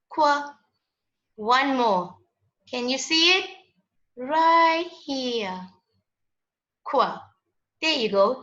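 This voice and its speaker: Slow, bright-voiced woman teaching phonics. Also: high-pitched. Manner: slow, patient, sing-song teaching voice. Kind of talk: children's phonics lesson. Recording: echoey, dull lo-fi room sound.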